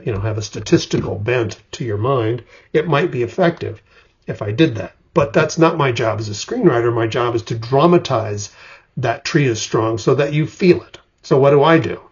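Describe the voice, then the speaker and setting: Gravelly husky older man teaching. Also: medium pitch, lively intonation, moderate pace. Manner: vivid storyteller, acts out examples. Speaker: screenwriting teacher. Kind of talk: explanatory lecture. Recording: dull lo-fi recording.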